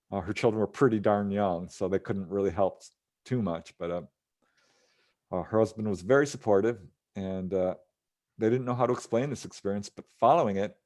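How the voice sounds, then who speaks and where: A man's voice: lowish voice, a little mellow. A man, a ufologist guest, recounting a case in casual interview talk, voicing the people he quotes and chuckling as he goes. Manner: recounts cases, acting out quoted voices with chuckles.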